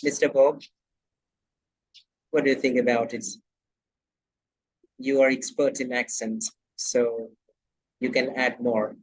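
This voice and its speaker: A man's voice: medium pitch, level tone, takes it slowly, long pauses, rough recording. A man hosting an online English class over a video call, moderating turns and prompting speakers. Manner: directive, moderating turns, frequent fillers.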